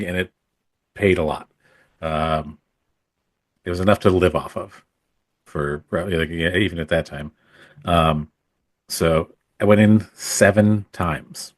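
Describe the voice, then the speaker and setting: Recorded dry and at studio quality, a deep-voiced man appears as a podcast guest. He's a photographer who used to act, and he chats casually about those acting days, wandering off track with lots of fillers and restarts.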